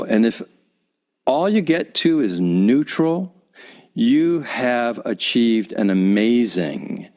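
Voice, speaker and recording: A man teaching calm self-acceptance, guiding breathing in a slow, soothing way with soft repeated cues, recorded in a home vocal booth. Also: fairly low pitch. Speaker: guest teacher. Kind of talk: calm guided breathing instruction.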